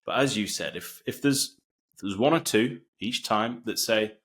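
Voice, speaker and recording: A man hosting a podcast, speaking slowly and in a monotone in a casual interview. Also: fairly low pitch, slight background noise. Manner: slow and monotone. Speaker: podcast host.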